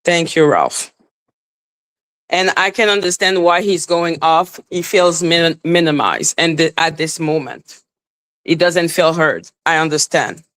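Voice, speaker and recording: A woman hosting a live online panel, talking casually with many fillers and trying to calm things down. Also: low-pitched, measured pace, poor audio. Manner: casual, filler-heavy, placating. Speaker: panel host.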